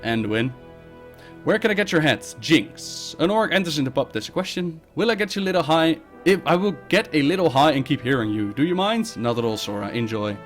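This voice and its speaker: A man hosting a live Q&A stream, reading viewer questions aloud and answering them bluntly and briskly. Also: on the high side, animated, faint music behind. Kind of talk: casual live-stream chat.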